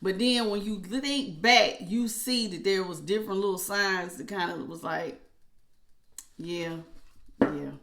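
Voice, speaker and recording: A woman, a tarot reader talking casually and emotionally to her viewers. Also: mid-range voice. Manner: chatty and emotional, animated with laughs.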